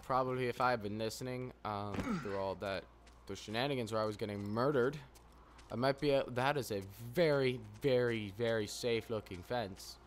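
A man's voice: mid-range voice, moderate pace. Sarcastic man joking over gameplay. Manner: sarcastic, rambling, self-mocking jokes. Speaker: gameplay commentator. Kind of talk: casual let's play commentary. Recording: noisy game audio behind.

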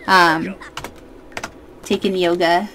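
A woman in her twenties giving casual, excitable let's-play commentary as a gaming YouTuber, chatting to her viewers. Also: lowish voice, very slow, slight background noise.

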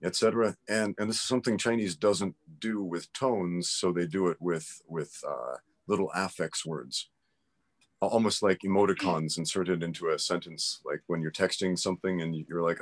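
A man with a notably low, deep voice talks through his views in a relaxed interview. He explains emphatically and firmly, sounding like someone holding strong opinions. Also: normal speed. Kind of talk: casual conversation.

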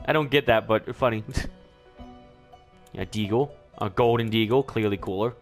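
A young man giving let's-play commentary, excitable and joking, often yelling and reacting loudly. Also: on the low side, moderate pace, faint music behind. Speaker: gaming YouTuber.

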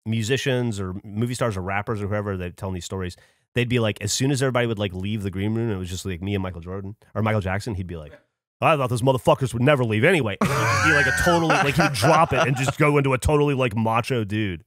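A man's voice: lowish voice, fast talker, fairly bright tone, no room sound, studio quality. A man on a podcast, telling a story in casual chat, acting out quotes and swearing freely. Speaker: podcast host.

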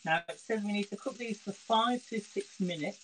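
A man's voice: sits high, moderate pace, a bit bright, slight background noise, poor audio. A man hosting a casual live cooking stream from his home kitchen, chatting straight to his viewers. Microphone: phone. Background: frying sizzle.

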